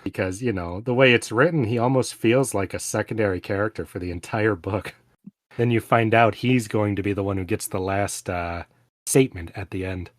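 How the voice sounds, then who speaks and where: A man co-hosting a casual book discussion podcast, relaxed, with frequent "you know" fillers. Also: on the low side, moderate pace, dry recording, studio quality. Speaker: podcast co-host.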